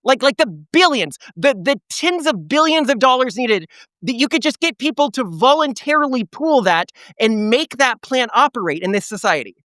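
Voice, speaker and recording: A man's voice: extremely high pitch, big pitch swings, normal speed, fairly bright tone, dry recording, studio quality. A man who is a debate guest, asking skeptical questions with frequent stammers and restarts.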